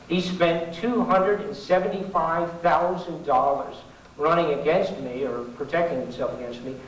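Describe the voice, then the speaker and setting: A man's voice: a little high, a little hiss or hum. Folksy, sarcastic man in an echoey hall. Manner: folksy, sarcastic, rambling with asides. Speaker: public speaker. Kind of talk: informal political talk to an audience. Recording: echoey 1990s hall recording from far off.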